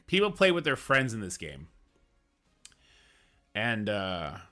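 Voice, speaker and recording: A gaming streamer rants casually about a mobile game, emphatic and frustrated, swearing now and then. His voice is fairly low in pitch yet bright and forceful.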